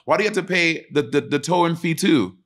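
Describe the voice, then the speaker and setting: A young adult man co-hosting a podcast, telling stories casually and with animation. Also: brisk. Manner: animated storytelling, jumps into high voice for quoted panic. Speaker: podcast co-host. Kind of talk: casual chat.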